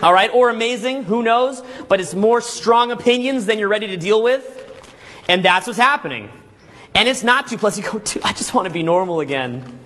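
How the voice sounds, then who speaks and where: High, bright-voiced man leading a seminar. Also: moderate pace, a little hiss or hum. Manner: energetic, peppers talk with rhetorical questions and "okay?"; acts out scenes with vivid storytelling. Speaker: seminar speaker. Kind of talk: live seminar lecture to an audience. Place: seminar room with live audience.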